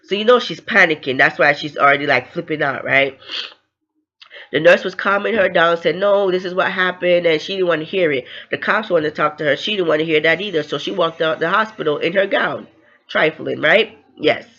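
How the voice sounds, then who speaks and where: A woman's voice: low-pitched, brisk, sharp tone, lo-fi sound. A woman recapping a novel in a casual, chatty way, with fillers and tag questions. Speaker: book reviewer.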